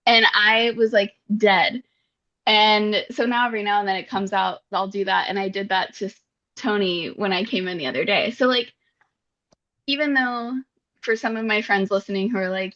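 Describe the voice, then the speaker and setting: A woman with a mid-range voice tells stories in a lively, expressive way and laughs often. Her audio sounds a little dull and muffled, as in a casual home podcast chat. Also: mid-range voice, normal speed. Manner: animated, expressive storyteller, laughs a lot. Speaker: podcast co-host.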